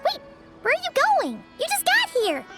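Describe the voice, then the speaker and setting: A woman voicing an excitable tiny fairy companion who talks about herself in the third person, shrill and teasing. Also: moderate pace, full character voice. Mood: puzzled. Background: game music.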